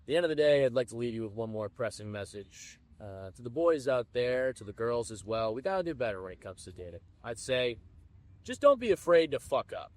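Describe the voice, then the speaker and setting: This is a man with a New England accent hosting a comedy podcast. He talks loudly and breaks into booming announcer bits, his pitch leaping all over. The sound is dry and close. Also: fairly quick, no echo. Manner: loud, animated, bursts into announcer-style shouts. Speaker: podcast host.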